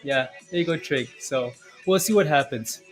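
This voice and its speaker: A man's voice: fairly high pitch, moderate pace, soft background music. A man hosting a live stock market stream, greeting viewers by name in casual chat and often ending points with "right?". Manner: chatty, repeats himself, ends points with "right?". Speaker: livestream stock market host.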